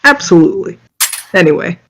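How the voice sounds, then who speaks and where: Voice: mid-range voice, lively intonation, fairly quick, a little hiss or hum. A player in a tabletop game chatting in a joking, offhand way. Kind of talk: casual game chat. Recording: dull lo-fi mic.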